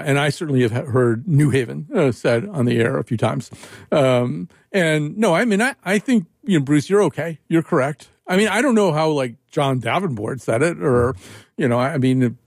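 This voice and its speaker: A man's voice: on the high side, a little mellow, no room sound, studio quality. A man hosting a radio talk show, rambling and joking, with frequent restarts. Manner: rambling, self-interrupting, jokey. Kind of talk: casual radio chat.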